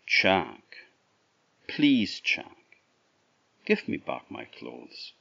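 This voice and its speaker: A man's voice: low-pitched, huge pitch swings, very slow, vocal fry, pushed and bright, dry recording, dull audio, heavily acted. A man voicing a young woman who is an enchanted swan, speaking in a pleading, insistent way.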